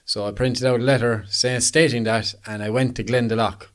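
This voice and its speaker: An Irish man hosts a casual podcast chat, full of easy laughter and local slang. His voice sits at a middle pitch and carries a relaxed, friendly liveliness. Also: brisk. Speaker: podcast host and professional photographer.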